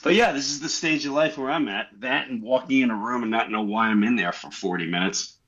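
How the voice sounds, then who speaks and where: A man's voice: mid-range voice, brisk, breathy edge, lo-fi sound. A middle-aged man telling stories in casual chat, acting out the people in them. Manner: animated storytelling, acting out voices. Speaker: guest comedian.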